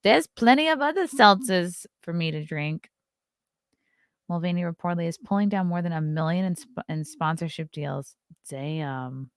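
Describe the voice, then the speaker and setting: A woman's voice: on the low side, expressive, moderate pace, no echo, clean studio sound. Blunt sarcastic woman with Long Island accent. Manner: blunt, sarcastic, reads headlines aloud and riffs on them. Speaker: host. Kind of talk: casual morning livestream chat.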